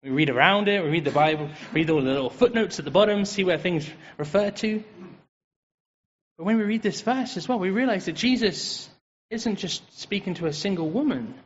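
A high-voiced English man preaching in a relaxed, joking way. His voice rings with a long reverb, as if in a church hall. The sound is a bit dull and muffled. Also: normal speed, a little hiss or hum. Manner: lively, joking and chatty. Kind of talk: conversational sermon.

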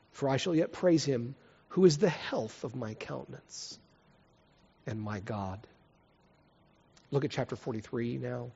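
A man preaching a sermon, reading scripture with passion and then leading a quiet prayer. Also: medium pitch, a little slow, gravelly, pauses often, husky. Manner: impassioned, swings from loud dramatic reading to soft prayer. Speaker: pastor. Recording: lo-fi recording with long hall reverb.

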